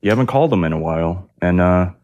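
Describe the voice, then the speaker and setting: Deep-voiced man reassuring a friend. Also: expressive, fast, a little mellow. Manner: sympathetic, laid-back reassurance. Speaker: podcast co-host. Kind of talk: casual podcast chat.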